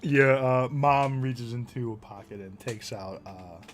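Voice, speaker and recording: A man narrating as game master of a tabletop game, animated and often laughing. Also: medium pitch, measured pace.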